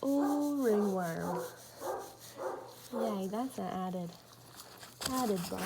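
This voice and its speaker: A woman's voice: mid-range voice, expressive, very slow, creaky, long pauses, very noisy. A woman rescuing stray dogs outdoors, coaxing them in a sing-song baby-talk voice. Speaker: animal rescuer.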